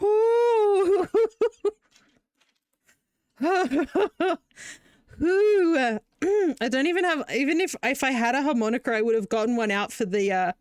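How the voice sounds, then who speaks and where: A woman's voice: sits high, expressive, normal speed, clear, resonant tone, dry recording, clean studio sound. A young woman streaming while she builds Lego, chatting casually and breaking into long fits of giggles.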